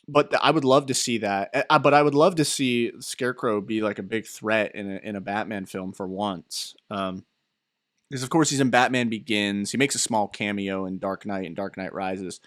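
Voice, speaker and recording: A young man in his twenties co-hosting a podcast, telling rambling, animated stories with fillers and laughs. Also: on the low side, normal speed, no echo, clean studio sound. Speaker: podcast co-host. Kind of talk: casual chat.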